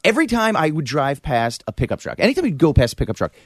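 A male comedian guesting on a radio show, telling observational stories with deadpan jokes and quick asides. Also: fairly high pitch, dry recording, clean studio sound. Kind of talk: comic storytelling on a radio show.

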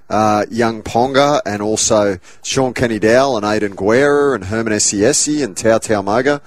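A wisecracking Australian man on a sports panel, fond of local slang and punchlines. His voice sits at an ordinary middle pitch. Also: dry recording.

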